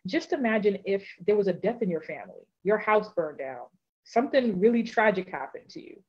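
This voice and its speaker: A woman's voice: mid-range voice, big pitch swings, brisk, breathy edge. A woman life coach giving encouraging advice in a live interview, repeating phrases for emphasis. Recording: dull lo-fi sound.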